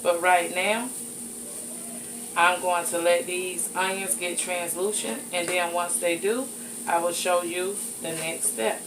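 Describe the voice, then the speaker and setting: A woman's voice: on the low side, little pitch movement, takes it slowly. Folksy woman cooking host. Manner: folksy, chatty, addresses viewers as y'all and honey. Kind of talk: casual cooking demonstration. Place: home kitchen. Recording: audible background noise.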